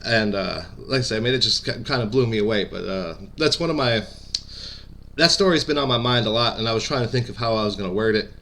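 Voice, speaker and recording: Guy telling an old wrestling story, lots of likes and uhs, bright tone. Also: on the low side, fast talker. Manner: rambling, full of fillers and stutters. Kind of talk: casual storytelling.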